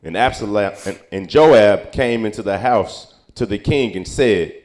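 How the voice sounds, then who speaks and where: A man reading old-style Bible verses aloud at a steady pace, now and then stumbling over a word. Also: fairly low pitch, unhurried. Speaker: scripture reader.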